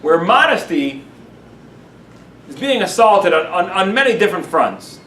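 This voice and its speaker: High-voiced man lecturing in a roomy hall. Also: unhurried. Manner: lively, speaks to the room, acts out examples. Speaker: rabbi teaching a class. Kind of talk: classroom lecture. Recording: roomy sound from a distant mic, faint background noise.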